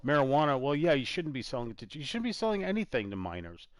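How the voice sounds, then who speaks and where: A man's voice: medium pitch, wildly swooping pitch, fast, dry recording. A man hosting a casual gaming talk show, rambling and trailing off as he talks. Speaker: podcast host. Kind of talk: casual chat while gaming.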